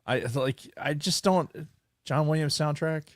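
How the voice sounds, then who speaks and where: A man's voice: a little high, unhurried, dry recording, studio quality. A man co-hosting a podcast in casual chat, wry and rambling, swearing as he gropes for names. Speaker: podcast co-host.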